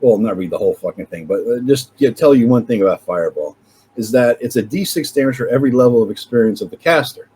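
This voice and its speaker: A man's voice: fast talker, husky. A man hosting his own channel, talking casually and swearing freely as he rants. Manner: profane, animated ranting with sudden pitch jumps. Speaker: channel host. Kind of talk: casual ranting chat.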